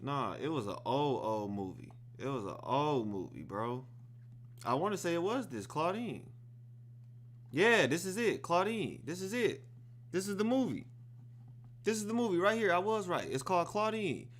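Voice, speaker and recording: Animated man reacting to a film. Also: fairly high pitch, moderate pace. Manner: excited, profane, storytelling. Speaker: reaction video host. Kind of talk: casual reaction commentary.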